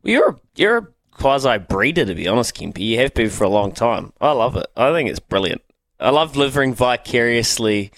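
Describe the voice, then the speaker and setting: A man's voice: medium pitch, big pitch swings, fairly quick, fairly bright tone, no room sound. A man hosting breakfast radio, talking enthusiastically and steering the show. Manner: enthusiastic, upbeat show-running. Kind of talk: casual radio chat.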